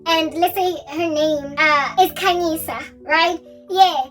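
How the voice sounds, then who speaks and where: A woman's voice: very high voice, fairly even intonation, takes it slowly, a bit bright, recorded from a distance, soft background music. A woman rambling animatedly in a casual vlog chat, now and then breaking into snatches of song. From South Africa. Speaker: Christian vlogger.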